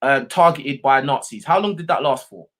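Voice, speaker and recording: In a heated live call-in argument, a man with a London accent hosting the show swears, repeats slang tags, and talks over the caller. He speaks at medium pitch and normal speed with a fairly bright tone.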